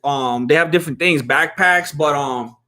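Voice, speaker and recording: A man with a fairly high, bright, pushed voice talks at a moderate pace. He's streaming a fight watch-along, chatting casually and fielding viewer questions in a relaxed, slangy way, laughing often.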